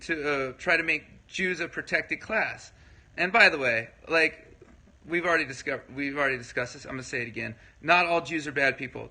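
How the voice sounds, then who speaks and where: Bright-voiced rambling man on a livestream. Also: a little high, poor audio. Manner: rambling, filler-heavy, keeps checking in with listeners. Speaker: livestream host. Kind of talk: casual livestream talk, answering viewer comments.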